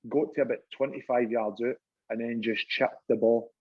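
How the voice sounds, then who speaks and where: A Scottish man, a former goalkeeper, chatting as a podcast guest and telling stories in an animated way, laughing and swearing freely. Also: medium pitch, normal speed, slightly rough, lo-fi sound. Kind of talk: casual chat.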